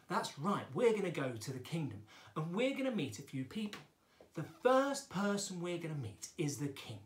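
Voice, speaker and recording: A man's voice: a little high, very animated, brisk, echoey room. A man teaching children a drama lesson in a chatty, playful and encouraging way.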